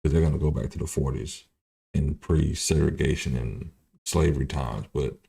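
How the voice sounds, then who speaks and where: A man's voice: very deep voice, steady tone, moderate pace, gravelly, mellow. A man hosting a livestream, giving loose, profane political commentary with many restarts. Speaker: livestream host.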